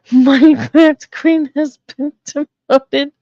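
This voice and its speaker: A woman's voice: sits high, steady tone, extremely slow, dry recording, muffled recording. A woman from the Boston area chatting casually on her live stream, blunt and swearing freely.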